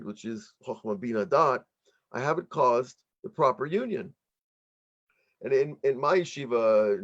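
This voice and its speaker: An American man, a middle-aged rabbi, teaching an online workshop in an explanatory, halting way with frequent restarts. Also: mid-range voice, lo-fi sound. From United States.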